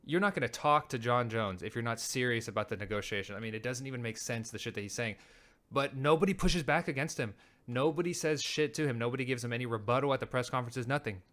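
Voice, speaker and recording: A man's voice: mid-range voice, fairly bright tone. A man hosting a show, ranting heatedly and with lots of swearing as he reacts to clips. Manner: heated, profane, rapid ranting. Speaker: show host. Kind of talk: casual commentary on clips.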